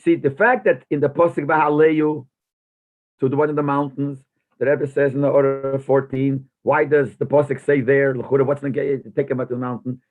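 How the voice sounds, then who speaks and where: A man's voice: medium pitch, flat delivery, moderate pace, soft background music. A rabbi teaching a text-study class. He reads a phrase aloud, then translates and explains it, posing questions as he goes. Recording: tinny phone-like lo-fi recording.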